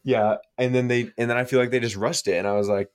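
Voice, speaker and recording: A young man co-hosting a podcast, retelling stories in animated, slangy casual talk. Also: medium pitch, fast, clear, resonant tone. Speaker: podcast co-host. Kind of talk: casual storytelling chat.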